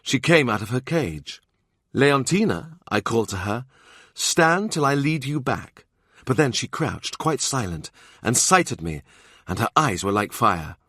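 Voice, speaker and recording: A man's voice: medium pitch, very animated, measured pace, fairly bright tone, dry recording, studio quality. A man voicing an old knight courtier telling a dramatic story in an audiobook. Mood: storytelling. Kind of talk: audiobook character voice.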